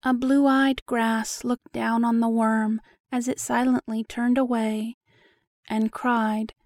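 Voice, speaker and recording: Woman narrator reading a poem, slow and steady, fairly high voice, dry close sound. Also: dry recording. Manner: slow, even, measured recital. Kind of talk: reading a story poem aloud.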